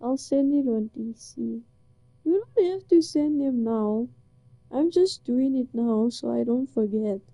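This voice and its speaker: A young woman from Britain chats in a rambling, giggly way, sounding playfully flustered. Her voice sits a little high but has a very mellow, dark tone. She talks slowly, and the sound is dry and close. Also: animated, vocal fry, dry recording. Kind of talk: casual chat to a listener. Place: indoors, under a blanket.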